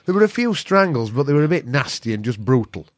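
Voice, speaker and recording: A man's voice: mid-range voice, big pitch swings, fast talker, no room sound, studio quality. A middle-aged man with a Yorkshire accent, a podcast guest telling stories in a blunt, sweary way. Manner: blunt, sweary, northern dialect grammar. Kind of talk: casual storytelling.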